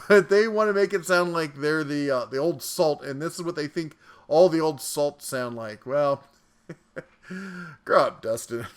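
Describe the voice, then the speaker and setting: A man's voice: a little high, measured pace, clear, resonant tone. A man hosting a tool channel, reading mean viewer comments aloud with playful, jokey delivery. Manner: playful and jokey, chuckles between lines.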